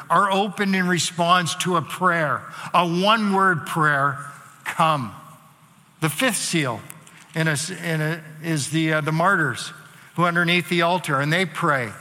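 Pastor guy preaching, bright voice, kinda high, big hall echo. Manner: conversational preaching with rising emphatic repeats. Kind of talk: sermon. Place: church hall. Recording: long reverb of a large hall.

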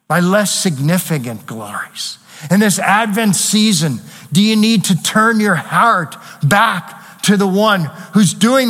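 A man's voice: high-pitched, fairly bright tone. A man preaching a sermon to his church, earnestly asking rhetorical questions and reading scripture aloud. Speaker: pastor. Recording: long hall reverb.

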